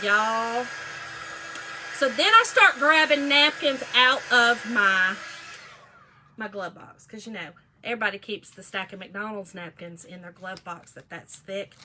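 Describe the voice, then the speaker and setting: A woman's voice: medium pitch, unhurried, bright, forceful tone, a little hiss or hum. A woman, telling a funny story in a casual vlog chat, laughing often and saying "y'all" a lot. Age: 40s. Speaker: vlogger.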